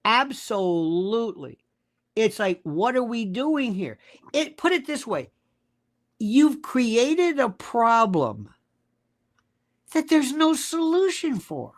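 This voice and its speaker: Man, guest commentator, emphatic, sarcastic, lively swooping pitch, political rant. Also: takes it slowly, pauses often. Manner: emphatic, sarcastic, jumps between topics.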